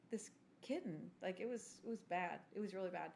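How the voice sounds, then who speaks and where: A woman tells a long story in casual podcast chat. She mocks herself and clears her throat now and then. A faint hiss sits under the recording. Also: lowish voice, brisk, darkish tone. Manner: chatty, self-mocking, clears throat often. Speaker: podcast co-host.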